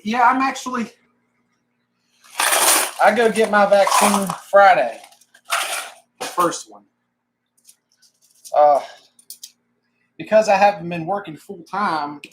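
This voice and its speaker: A man's voice: high voice, slow, long pauses, noisy background. A man hosting a live stream, a little out of breath, chatting casually with viewers, greeting them by name and laughing often.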